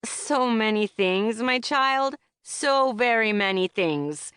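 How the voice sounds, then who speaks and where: A woman's voice: fairly high pitch, animated, slow pace, a bit bright, smooth, no echo, studio quality. A woman voicing a brash, foul-mouthed young woman who teases her friend with sarcasm, in an audiobook. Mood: mocking. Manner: sarcastic, teasing, crude.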